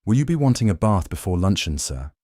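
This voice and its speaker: A man narrating a sleep story, voicing a reserved young male valet who speaks in a quiet, formal, polite way. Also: low-pitched, sing-song, a little fast, dry recording, clean studio sound.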